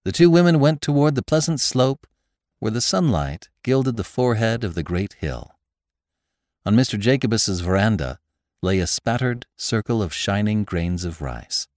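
Man, audiobook narrator, low voice, lively intonation, dry studio sound. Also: normal speed, dry recording. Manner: expressive storytelling. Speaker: audiobook narrator and podcast host.

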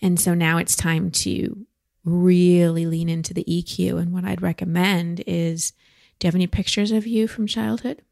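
A woman with a low, gravelly voice coaches her guest in a slow, reassuring way. She gives warm, steady advice on a podcast. The sound is close and dry, with no room around it. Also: no room sound. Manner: gentle, slow, reassuring advice with soft laughs. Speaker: podcast host and emotional coach. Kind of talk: coaching conversation.

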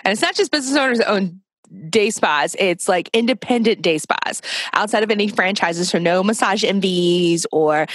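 A woman's voice: medium pitch, lively intonation, normal speed, no echo. A woman guest in an interview, chatting casually and telling stories animatedly with frequent laughs, speaking from a clothes closet over a video call. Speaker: podcast guest, spa business founder.

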